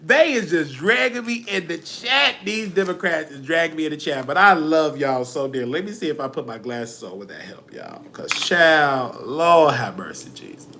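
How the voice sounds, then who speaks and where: Gravelly, preachy man. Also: on the high side, animated, normal speed, hardly any pauses, pushed and bright, a little hiss or hum. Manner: preachy, dramatic, cries often, quotes scripture. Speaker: livestream host. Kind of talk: emotional livestream rant.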